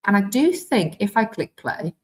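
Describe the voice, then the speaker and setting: Chatty Welsh woman demoing software. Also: medium pitch, sing-song, moderate pace, low-quality recording. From Wales. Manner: chatty, self-deprecating, thinks aloud while clicking. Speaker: teacher trainer. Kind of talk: live online software demonstration.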